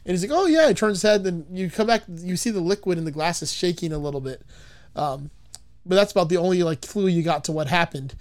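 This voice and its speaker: A man's voice: a little high, a little fast. Rambling, profane male podcast host. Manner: rambling, profane, laughs often. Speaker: podcast host recapping a film. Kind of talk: casual chat.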